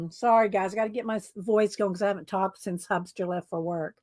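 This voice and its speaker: A woman chatting casually on a live craft stream, greeting viewers by name, her throat scratchy and often cleared. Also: mid-range voice, moderate pace, a little mellow. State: scratchy throat, struggling to talk. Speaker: craft channel host.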